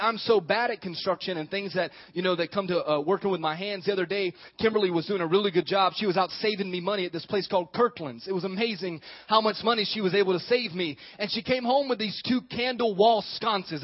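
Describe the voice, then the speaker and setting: A man's voice: high voice, fast talker, few pauses, dull audio. A male pastor preaching a sermon, joking and talking with the congregation.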